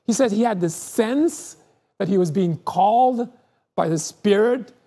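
A pastor delivers a sermon in a mellow, warm voice with a breathy, husky edge. The telling is earnest and unhurried in feeling. Words often repeat as a thought takes shape, which gives it a searching, heartfelt sound. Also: mid-range voice. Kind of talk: sermon with storytelling.

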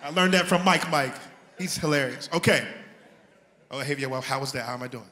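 A man's voice: mid-range voice, a little fast, pushed and bright. A male singer talking to the crowd between songs at a live show, chatty and hyping the audience, laughing at himself. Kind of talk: stage banter between songs. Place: live concert stage. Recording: echoey venue with live band. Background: band music.

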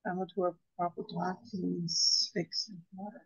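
A woman's voice: on the low side, steady tone, unhurried, creaky, slightly rough, no echo. A woman student asks questions about her lesson in an easy, self-deprecating way. Her voice comes over a dull, dry video-call line. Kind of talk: casual class question.

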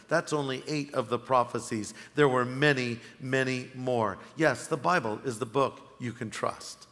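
Bright-voiced pastor preaching in a reverberant hall. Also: male voice, medium pitch, measured pace, hardly any pauses. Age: middle-aged. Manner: storytelling, wry, addresses the congregation. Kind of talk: sermon. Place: large church hall.

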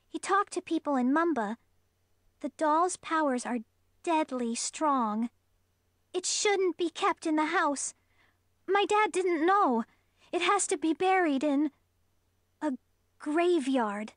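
A woman's voice: sits high, animated, takes it slowly, long pauses, no echo, clean studio sound, voice pushed up. A woman voicing a frightened teenage girl who pleads urgently and breathlessly. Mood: scared.

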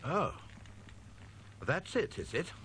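An actor playing a scheming male student villain in an audiobook drama, sneering and shrill. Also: big pitch swings, normal speed, a bit bright, slight background noise. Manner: shrill, sneering, rising to screams.

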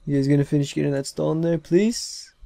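A young man giving casual, excitable gameplay commentary, swearing often and talking to the characters on screen. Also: on the high side, a little fast, creaky, no echo. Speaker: let's play gamer.

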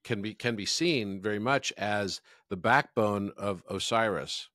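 A man hosts a podcast conversation in a reflective, measured manner. His voice sits a little low, and it is recorded dry and close with no room sound. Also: bright, forceful tone, dry recording. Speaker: podcast host.

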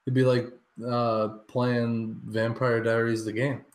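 A man's voice: medium pitch, level tone, slow pace, roomy sound. A man co-hosting a podcast over a remote line, laid-back and laughing as he talks. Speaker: podcast co-host. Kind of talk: casual chat.

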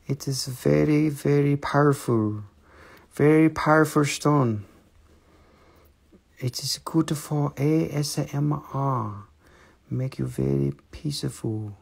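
A man putting on a hushed, coaxing voice as a stone seller in whispered role-play. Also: mid-range voice, gravelly, slightly rough, full character voice. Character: soft-spoken male stone seller.

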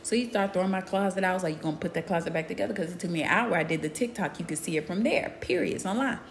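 A woman telling a story in casual chat. She talks emphatically, often ends points with "period", and swings between hushed asides and loud bursts. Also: lowish voice, very fast, creaky, a little hiss or hum.

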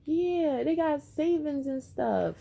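A woman's voice: high voice, lively intonation, slow, vocal fry, mellow. A woman vlogger chatting casually and rambling to her viewers as she unboxes something, a little out of breath.

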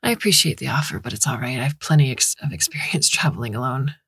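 A woman voicing a calm, wry woman scientist explaining her ideas. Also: rumbling low, fast, husky, no echo, clean studio sound, heavily acted.

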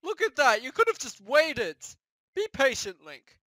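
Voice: sits high, huge pitch swings, measured pace, noisy background, heavily acted. A performer voicing a cocky male plush plumber who taunts his friend in a comedic puppet gaming skit, with mocking, gloating delivery. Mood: teasing.

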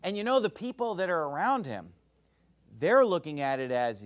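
A man preaching a Baptist sermon, emphatic and animated, now and then shouting out acted quotes. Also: high voice, normal speed.

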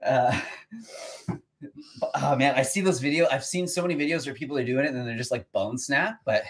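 A man's voice: medium pitch, moderate pace, fairly bright tone. A man from Canada joking around as co-host of a live cooking stream. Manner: joking, playful banter. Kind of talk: casual chat. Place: home kitchen.

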